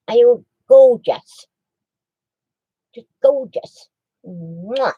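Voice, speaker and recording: A woman's voice: medium pitch, mellow, no room sound, dull audio. A woman, chatting casually on a crafting live stream, rambling with many restarts. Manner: coos baby talk to her dog.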